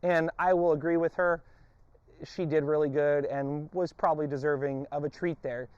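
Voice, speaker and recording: An American man working as a dog trainer, explaining a training session and giving sharp commands to his dog, recorded on a lapel mic. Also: on the high side, moderate pace, clear, resonant tone, dry recording, dull audio. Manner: barks short loud commands to a dog between calm explanations. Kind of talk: training demonstration with commentary. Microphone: wired lapel mic.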